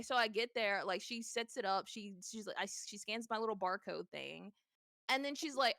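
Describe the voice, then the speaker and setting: Young woman, streamer, casual chat, bright voice, gravelly fry, animated and swearing. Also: medium pitch, a little fast, no room sound, studio quality. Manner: animated storytelling, swears a lot, laughs often.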